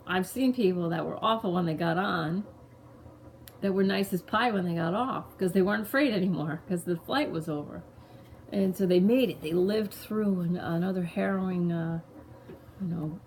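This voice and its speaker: A woman's voice: lowish voice, a little mellow, slight background noise. A mother talking loosely and conversationally about her family, often circling back to restart a thought. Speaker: mother sharing a parenting story. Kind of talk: casual personal storytelling to camera.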